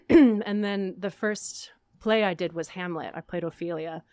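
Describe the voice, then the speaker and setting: Chatty, lowish-voiced actress guest. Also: female voice, darkish tone, clear, resonant tone, no echo, studio quality. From Arizona, US. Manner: chatty, upbeat, quick to laugh at herself. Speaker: guest, stage actor. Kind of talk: casual interview chat.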